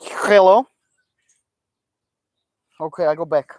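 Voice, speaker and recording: High-voiced joking man streaming. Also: animated, moderate pace, dry recording. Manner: loud, joking, calls out to his audience. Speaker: livestream host. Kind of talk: casual livestream chat. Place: outdoors in a backyard.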